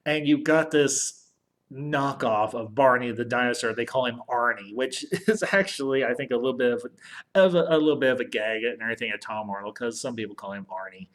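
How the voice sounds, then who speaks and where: A podcast host with a medium-pitched, slightly bright voice casually recaps a film's plot. He rambles, restarts sentences, and keeps tacking on "and everything."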